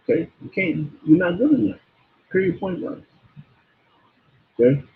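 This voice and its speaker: A man's voice: high voice, expressive, measured pace, vocal fry, slight background noise. A man giving an informal sermon, blunt and preachy, often repeating words and stumbling over them. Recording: tinny phone-like sound.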